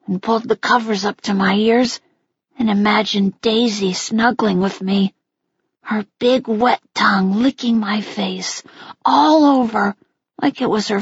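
A woman narrating an audiobook in a quiet, intimate way. Her delivery is very slow and her voice is deeply husky, with a gravelly edge. The recording is dry and slightly dull. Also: no room sound.

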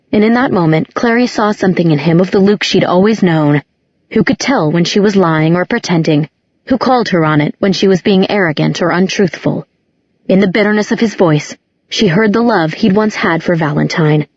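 A woman narrating a novel in a steady, measured reading. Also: fairly low pitch, dry recording. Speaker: audiobook narrator. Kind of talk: scripted narration. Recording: dull, muffled recording.

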